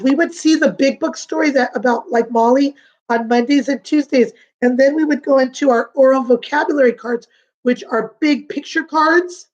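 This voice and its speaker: A woman teaching a remote lesson to young children, patient and sing-song, repeating words slowly. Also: high voice, darkish tone, lo-fi sound. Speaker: kindergarten teacher.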